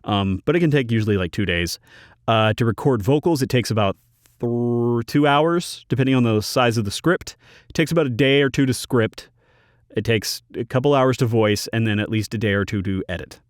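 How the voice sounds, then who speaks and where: A man's voice: mid-range voice, moderate pace, no echo. A man hosting his channel's Q&A, reading viewer questions and giving blunt, dry answers from his home recording booth. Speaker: YouTube channel host. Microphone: studio microphone in a recording booth.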